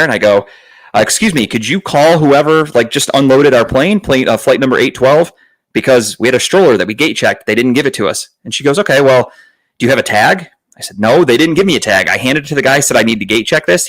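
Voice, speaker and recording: On a low-quality recording, a man with a medium-pitched voice hosts a podcast and tells a story casually. He curses frequently, comes across as exasperated, and raises his voice when imitating what others said.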